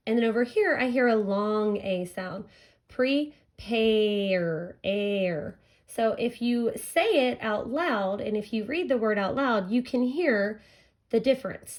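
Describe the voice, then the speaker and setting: A woman teacher walks young children through a phonics lesson, talking slowly and clearly. She stretches out each vowel sound so the kids can hear it, and her voice sits a little on the high side.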